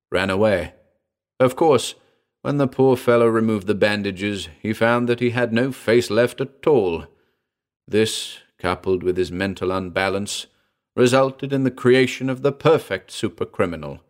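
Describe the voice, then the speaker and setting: A man voicing an eccentric male mad scientist who chatters fussily and breaks into shrill shouts. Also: lightly acted.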